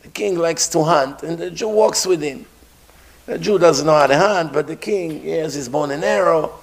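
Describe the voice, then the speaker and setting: A man giving a sermon who tells a story, slowly and emphatically, repeating his phrases. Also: fairly high pitch, gravelly.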